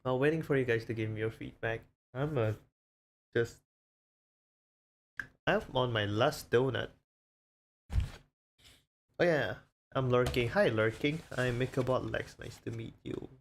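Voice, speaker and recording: A man chats loosely to his stream, rambling and self-conscious as he tries out his own voices. His tone has a gravelly edge. A faint hum sits under the recording. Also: mid-range voice, unhurried, long pauses. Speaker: VTuber streamer. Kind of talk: casual chat stream.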